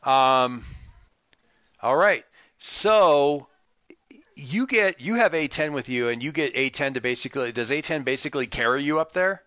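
A man's voice: medium pitch, normal speed, a bit bright, no echo. A man narrating as game master of a tabletop game, rambling with many fillers and restarts, over an online voice call. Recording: muffled lo-fi voice chat.

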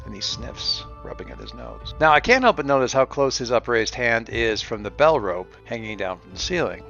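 A man's voice: lowish voice, a little fast, a bit bright. Guy telling his solo rpg story, kinda wry, dull lo-fi sound. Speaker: solo game player and narrator. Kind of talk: narrating a solo tabletop game. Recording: dull lo-fi with faint music.

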